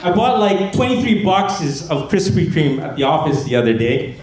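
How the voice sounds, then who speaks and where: A man telling deadpan stand-up stories on a gala stage, his slightly high voice ringing through a very echoey hall. Crowd noise sits clearly behind him. He often slips into mimicked voices of his family. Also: normal speed. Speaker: stand-up comedy student. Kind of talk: stand-up comedy set. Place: gala stage before a laughing audience.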